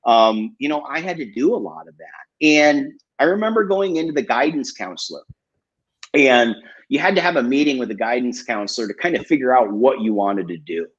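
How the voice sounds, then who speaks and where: A man's voice: medium pitch, expressive, a little fast, breathy edge. A man guest coach candidly telling his life story in a casual live interview, with lots of fillers and swearing. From Michigan, USA. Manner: candid and profane, with many fillers. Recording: dull lo-fi online stream.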